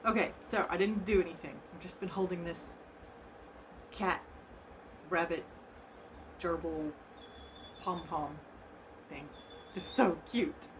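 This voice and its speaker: A woman chatting casually to her viewers from a room at home as she unboxes a gift, excitable and gushing, laughing often and repeating herself. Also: on the low side, slow pace, pauses often, background noise. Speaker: vlogger opening a gift box.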